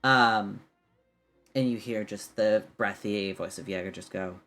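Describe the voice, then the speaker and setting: A game master narrating a tabletop game in a hesitant way, with many pauses and ums. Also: deep voice, a bit bright, soft background music.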